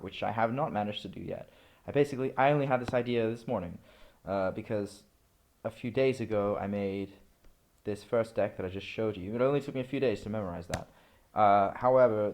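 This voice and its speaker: A man's voice: medium pitch, darkish tone. A man talking casually through a screen-recorded study session, rambling and correcting himself as he goes. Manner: rambling, self-correcting, chatty. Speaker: language learner vlogger.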